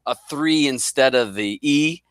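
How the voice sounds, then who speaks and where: Bright-voiced middle-aged man telling a story. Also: medium pitch, normal speed, clear, resonant tone, no echo. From northern US. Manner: rambling, self-deprecating, jokes around. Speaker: guest. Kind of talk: casual storytelling.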